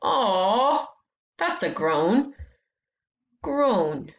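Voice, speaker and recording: Woman teacher doing phonics for little kids, really slow, voice goes up and down a lot, echoey room. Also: mid-range voice, very animated, dull audio. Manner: slow, clear, encouraging, stretching out sounds. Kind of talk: phonics lesson for young children.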